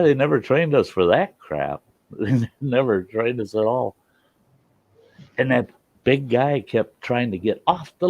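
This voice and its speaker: Gravelly-voiced man telling a campfire story. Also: dry recording. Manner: chuckles often while telling stories; acts out the voices of others with a raised pitch. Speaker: storytelling host. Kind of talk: casual storytelling. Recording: dull lo-fi sound.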